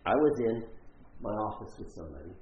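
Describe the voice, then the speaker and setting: A male pastor preaches to his congregation, his pitch swinging up and down as he tells a story and acts out its quotes. The sound is roomy and a little dull, with faint noise underneath. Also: animated, a little fast. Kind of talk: sermon. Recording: roomy, slightly dull church recording.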